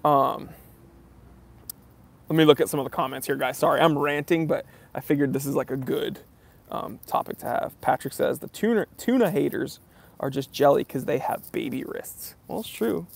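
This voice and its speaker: A man's voice: on the high side, normal speed, vocal fry, breathy edge. A young man hosting a livestream, ranting casually and mimicking commenters in mocking voices. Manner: animated, mocking impressions of commenters. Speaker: live stream host.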